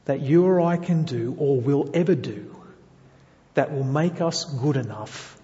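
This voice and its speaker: A man delivers a sermon in a slightly high voice, earnest and fond of rhetorical questions. His words ring out with a long reverb, as if in a large church hall. The recording is dull and lo-fi. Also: a little slow, dark tone. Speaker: preacher.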